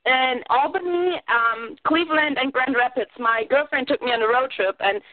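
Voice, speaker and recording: A woman from Germany with a German accent, calling in excitedly and giggling between sentences. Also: high-pitched, normal speed, no echo. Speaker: caller. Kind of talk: phone call-in chat. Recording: tinny phone line.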